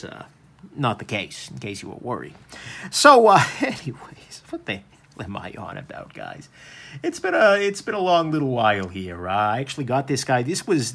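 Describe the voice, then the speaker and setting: A man casually reviewing and taking apart a knife for his channel, wandering into joking asides and filling pauses with "um". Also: on the low side, fairly bright tone. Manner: rambling, with joking asides and many ums. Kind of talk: casual hands-on product review.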